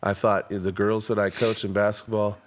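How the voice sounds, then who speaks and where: A man in his fifties hosts a casual podcast interview. His voice sits somewhat low. He keeps things friendly with self-deprecating asides and quick affirmations. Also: flat delivery. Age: 50s. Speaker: podcast host.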